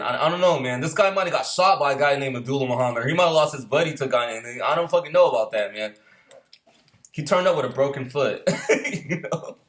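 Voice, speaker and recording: A man telling a casual anecdote about boot camp, profane and laughing often, who acts out yelling drill instructors. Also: mid-range voice. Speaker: storyteller recalling boot camp.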